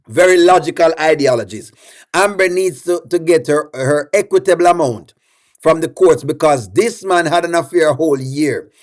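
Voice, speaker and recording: A man's voice: a little high, normal speed. A man hosting a live-stream reaction show, chatting and putting questions to his viewers while reading their comments aloud.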